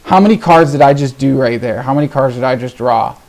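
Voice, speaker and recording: Male gameplay host, frustrated rant, mutters then yells, mid pitch. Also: brisk. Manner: exasperated ranting, swearing, swings between muttering and shouting. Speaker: gaming video host. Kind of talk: live gameplay commentary.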